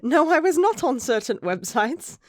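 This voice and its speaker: A woman's voice: high-pitched, big pitch swings, moderate pace, no room sound, studio quality, pitched above the performer's own voice. A woman voicing a flustered father covering up his research, in a playful, mock-innocent tone.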